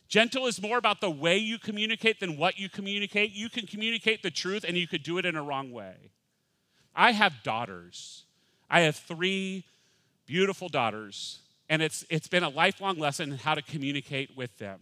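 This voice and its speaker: Animated, bright-voiced preaching man. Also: sits high, moderate pace, no room sound. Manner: animated, acts out voices, swings from loud to hushed. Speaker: pastor. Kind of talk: sermon.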